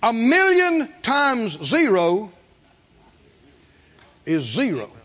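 A man preaching a sermon, animated, acting out the people he quotes and asking the congregation questions. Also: very high-pitched, drawn-out words. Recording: dull lo-fi sermon recording.

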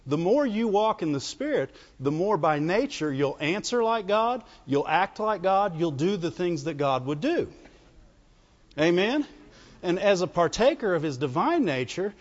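A pastor delivers a folksy church sermon, calling out to the congregation for amens along the way. His voice is high and sing-song, moving a little slowly. The recording is dull and lo-fi, with long reverb.

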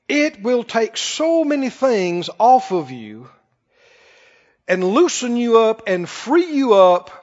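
A man preaching a sermon in an animated, conversational way to a church congregation. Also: sits high. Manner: animated, conversational, acts out quoted voices. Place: church hall. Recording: dull recording with long hall reverb.

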